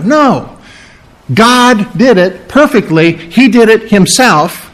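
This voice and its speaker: A man's voice: high-pitched, expressive, slow pace, fairly bright tone. A man preaching a sermon, teaching through a Bible passage with emphatic, repeating phrases. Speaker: pastor.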